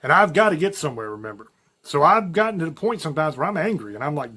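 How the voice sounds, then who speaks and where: Folksy man, higher-pitched voice. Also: sing-song, fast talker, bright, forceful tone. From rural Virginia mountains. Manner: folksy, rambling, storytelling with self-quoted asides. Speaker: podcast host. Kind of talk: casual spoken monologue.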